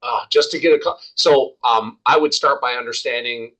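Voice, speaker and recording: A man's voice: medium pitch, moderate pace, fairly bright tone, rough recording. A man talking as a guest in a casual podcast interview, emphatic and repeating points for stress.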